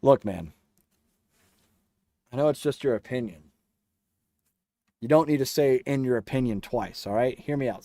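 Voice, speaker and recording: Young male streamer, mellow dark tone, close dry mic, teasing and laid-back. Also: mid-range voice, expressive, moderate pace, pauses often, no echo. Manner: joking, teasing viewers, laughs often. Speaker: livestream host reading chat. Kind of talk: casual livestream chat.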